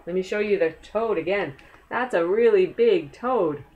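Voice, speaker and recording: A woman reading a picture book aloud to children, gentle and asking the listener questions. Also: medium pitch, normal speed, narrow, tinny audio. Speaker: storyteller.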